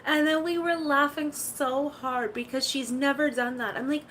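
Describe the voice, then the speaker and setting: A woman's voice: high voice, fairly even intonation, normal speed, few pauses, fairly bright tone, a little hiss or hum, low-quality recording. A woman chatting casually to her stream viewers, rambling through stories with lots of "like". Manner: rambling storytelling, full of "like". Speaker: live streamer.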